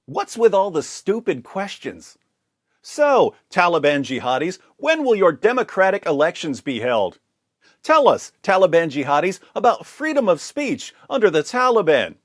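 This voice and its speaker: Sarcastic, high-voiced male commentator. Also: big pitch swings, moderate pace, no room sound, studio quality. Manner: sarcastic, mocking, rhetorical questions. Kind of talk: polemical video commentary.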